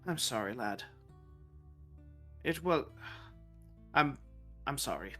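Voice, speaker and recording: A man voicing a remorseful old female castle cook who speaks in halting, apologetic bits. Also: a little high, pushed and bright, soft background music. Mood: dazed, apologetic.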